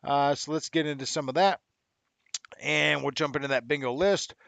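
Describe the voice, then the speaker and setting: A man's voice: fairly high pitch, steady tone, moderate pace, creaky, fairly bright tone, no echo. Chatty upbeat man with dry sound. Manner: chatty and upbeat, laughs often, uses slang. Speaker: live show host. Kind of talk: casual livestream chat.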